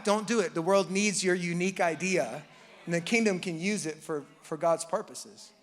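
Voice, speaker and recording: A male pastor preaching a sermon in an animated, joking way, acting out people's inner voices. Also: high voice, normal speed, big-room sound.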